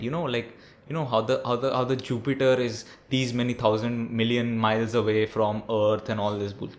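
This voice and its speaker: Young man, mid-pitch, profane and preachy, talks down to the audience like a mate. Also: level tone, fairly quick. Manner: blunt, profane, preachy, says "bro" often. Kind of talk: ranting monologue.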